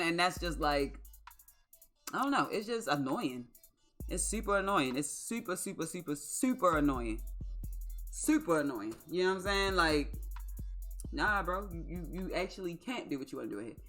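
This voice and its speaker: A woman's voice: lowish voice, fairly bright tone. A young adult woman livestreaming, telling a story in a casual, exclamatory, profane way. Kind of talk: casual storytelling to a live stream.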